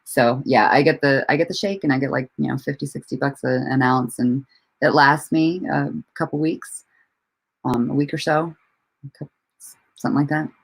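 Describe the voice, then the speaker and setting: In a casual home livestream, a woman speaks at a moderate pace in a rumbling low, steady, slightly rough voice. She keeps laughing, swears openly, and rambles with restarts while welcoming viewers and answering their questions.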